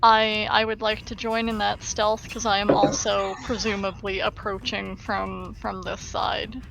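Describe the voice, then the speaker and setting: A woman playing a tabletop game who speaks hesitantly, with halting starts and restarts. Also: mid-range voice, little pitch movement, creaky, over loud music, low-quality recording. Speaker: player. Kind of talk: casual tabletop game play.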